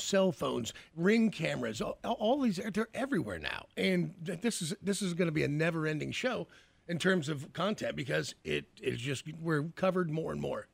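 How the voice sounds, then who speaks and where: Male radio host, a bit higher-pitched, gravelly, casual rambling storyteller. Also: no echo. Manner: storytelling, casual, trails off and restarts.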